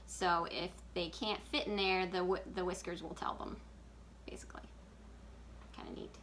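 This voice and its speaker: A woman's voice: on the low side, steady tone, moderate pace, noisy background. A woman working as a children's librarian, giving a casual, chatty craft tutorial and laughing often. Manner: chatty, giggly, full of fillers.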